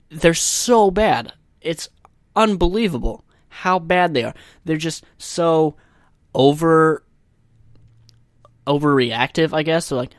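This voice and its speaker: A man's voice: on the high side, no room sound, clean studio sound. A young man hosting a podcast, ranting in a comic, exasperated way and swearing freely. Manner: profane, exasperated ranting with mocking voices. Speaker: podcast host. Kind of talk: solo comedic rant.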